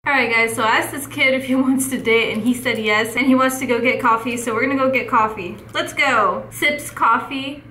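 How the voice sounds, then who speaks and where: A woman's voice: fairly high pitch, steady tone, brisk, hardly any pauses, pushed and bright, a little hiss or hum. A woman giving playful, teasing commentary over her gameplay, laughing often. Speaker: gaming YouTuber. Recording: echoey room.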